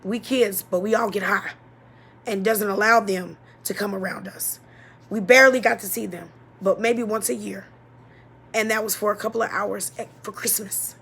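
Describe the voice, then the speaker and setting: A woman telling a painful childhood story as a personal testimony, halting and emotional, often dropping to a near-whisper. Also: mid-range voice, steady tone, gravelly, a bit bright, breathy edge. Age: adult.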